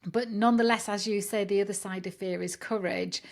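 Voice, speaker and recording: A woman's voice: medium pitch, steady tone, brisk. A woman hosting an interview, reflecting on and summing up what her guest says. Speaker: interview host.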